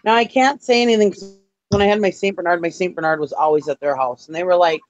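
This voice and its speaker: A woman's voice: fairly low pitch, fast. Chatty woman telling a story, lo-fi. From grew up in a city. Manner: chatty storyteller, laughs often. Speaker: co-host of a reseller talk show. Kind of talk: casual chat. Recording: dull lo-fi audio.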